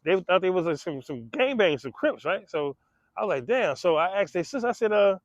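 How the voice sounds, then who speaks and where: A man's voice: high-pitched, big pitch swings, a little fast, dry recording, lo-fi sound. A man telling a true story in casual street style, slangy and profane, acting out gunshots and the voices of others.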